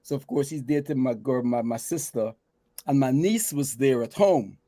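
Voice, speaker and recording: A man with a Guyanese accent chatting about his experience, reflective and lively when he tells stories. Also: medium pitch, normal speed, no echo. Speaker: guest. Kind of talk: casual chat, storytelling.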